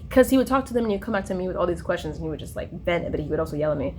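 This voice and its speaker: In this rambling personal vlog, a young woman drifts between tangents, filling gaps with fillers and starting over often. She speaks fast and animatedly in a fairly low voice, and there's noise in the background.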